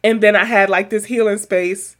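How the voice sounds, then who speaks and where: Young woman podcast cohost, lively chatty therapist, laughs a lot, swears casually. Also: mid-range voice, moderate pace.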